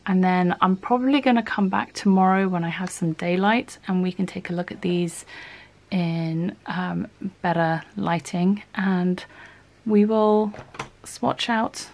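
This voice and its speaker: A woman's voice: lowish voice, fairly even intonation, a little slow, darkish tone. A woman hosting an art channel, chatting casually and thinking aloud as she swatches paints, sometimes correcting herself mid-sentence.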